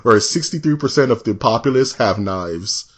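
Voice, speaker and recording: A man co-hosting a podcast in casual chat, animated and laughing often, slipping into mock voices when he tells a story. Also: medium pitch, moderate pace. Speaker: podcast co-host.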